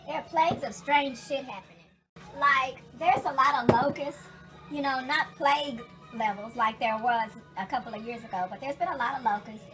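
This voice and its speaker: A woman with a drawl chats loudly in her kitchen, raising her fairly high voice to be heard over music playing behind her. She curses freely and gets emotional as she talks. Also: normal speed. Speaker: vlogger. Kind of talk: casual chat. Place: home kitchen.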